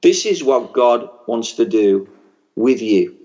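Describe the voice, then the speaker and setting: A man's voice: medium pitch, lively intonation, takes it slowly, mellow. A man with a strong working-class English regional accent preaches fervently to a conference crowd in a mid-range voice, moving from storytelling into a rousing blessing. The recording sounds a little dull and muffled. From England. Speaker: pastor. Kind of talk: sermon. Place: large church conference hall.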